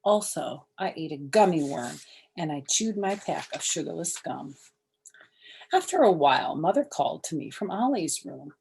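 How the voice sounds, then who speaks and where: Husky grandmother reading a storybook. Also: sits low, a little slow. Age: older. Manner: animated, chatty asides to listeners. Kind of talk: reading a children's chapter book aloud.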